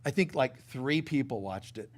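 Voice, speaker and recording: A middle-aged man preaching a spiritual sermon, telling a story with playful asides, often dropping soft and then rising loud. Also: medium pitch, expressive, normal speed, slight background noise. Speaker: spiritual teacher.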